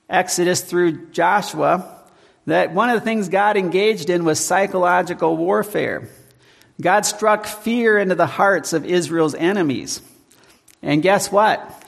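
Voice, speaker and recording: A pastor preaching a sermon in measured tones, slowing down to read scripture and hymn verses. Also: male voice, sits high, creaky, long reverb tail.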